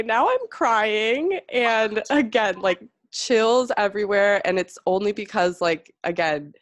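A woman's voice: on the low side, dry recording. A woman hosting a podcast, gushing and effusive, peppering her talk with "like" and "you guys.". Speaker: podcast host. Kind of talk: casual podcast chat.

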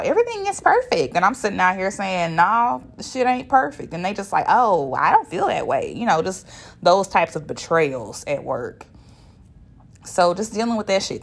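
Blunt low-voiced woman venting. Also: gravelly. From Shreveport, Louisiana, US. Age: 30s. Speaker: podcast host. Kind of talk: casual solo monologue.

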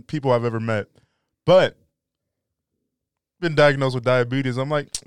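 A man's voice: medium pitch, expressive, normal speed, long pauses, smooth, no echo, clean studio sound. A young man hosting a casual podcast, joking and swearing, often breaking off mid-sentence to restart. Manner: swearing, joking, self-interrupting. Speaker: podcast host. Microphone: podcast microphone.

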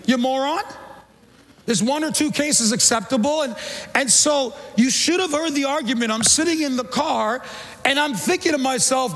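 A middle-aged male pastor preaching a sermon in a church, animated, stumbling over repeated words and acting out the voices he quotes. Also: very high-pitched, normal speed. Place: church sanctuary. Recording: long church reverb.

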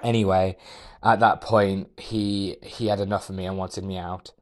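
A young man, a podcast guest, telling a personal story in a measured, reflective way with hesitant restarts. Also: low voice, level tone. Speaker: podcast guest, architectural designer.

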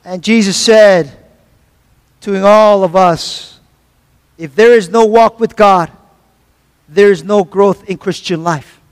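High-voiced man preaching in a church. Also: slow pace, pauses often, smooth, in a large hall. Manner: preaching with call-and-response asides; repeats phrases for emphasis, some stumbles. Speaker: pastor. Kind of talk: sermon.

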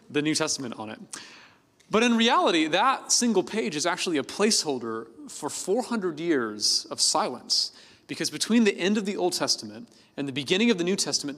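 A man's voice: sits high, big pitch swings, brisk, a bit bright. A male pastor giving a sermon in a conversational, playful way, with plenty of fillers. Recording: long reverb of a big hall.

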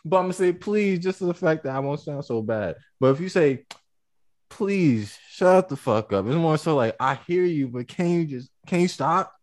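A man co-hosting a podcast in casual banter, animated, acting out phrases in different tones and laughing often. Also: a little high, a little fast, hardly any pauses. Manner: animated, acts out phrases with shifting tone; laughs often while arguing.

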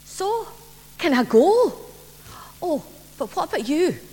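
A woman voicing an excitable, impatient young girl during a sermon's children's story. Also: high voice, measured pace, slightly rough, heavily acted. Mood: eager. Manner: breathless, impatient, rising questions. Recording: reverberant church, faint hum.

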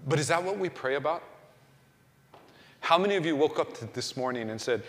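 A man's voice: mid-range voice, a little fast, fairly bright tone. A man giving a conversational sermon, full of rhetorical questions and restarts. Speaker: pastor. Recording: long reverb of a hall.

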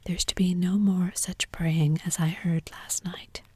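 A strict older spinster gives curt, disapproving orders in a low, flat, breathy whisper, as a woman reads her in a whispered role-play. The voice sits dark and dry, right at the ear. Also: measured pace, dry recording. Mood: stern.

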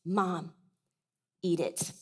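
A woman voicing her insistent three-year-old daughter in a hushed, leaning-in little voice during a sermon. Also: fairly low pitch, fairly even intonation, extremely slow, big-room sound, a little hiss or hum, voice pushed down. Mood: earnest.

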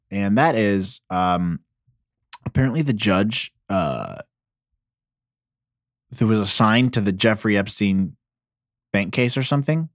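A man's voice: mid-range voice, dry recording, clean studio sound. Profane, riled-up man ranting solo. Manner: rambling with restarts. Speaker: podcast host. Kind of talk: casual solo rant.

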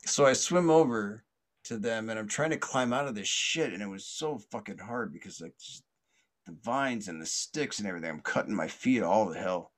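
A podcast host with lively intonation tells a story at a moderate pace, casually and with lots of fillers and restarts. He laughs often and acts out other people's voices, making the quoted lines louder and higher.

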